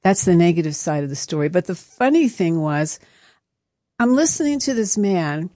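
A woman's voice: lowish voice, very animated, moderate pace, dark tone, dry recording. A woman hosting a live radio show in a studio, telling stories in a chatty, rambling way. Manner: chatty, anecdotal, rambling with restarts. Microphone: studio microphone.

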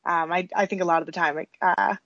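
A woman's voice: on the low side, fairly even intonation, quick pace, dull audio, over a noisy crowd. A woman baker, a guest on a radio show, talking hesitantly with many fillers and small laughs. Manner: hesitant, many ums and uhs, giggly. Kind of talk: casual interview chat.

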